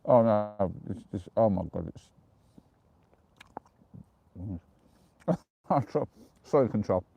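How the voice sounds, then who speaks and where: An English man chatting casually on a live stream from the dark woods at night, giggling as he reads out viewer jokes. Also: on the low side, lively intonation, slow pace, vocal fry, phone-quality sound. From England.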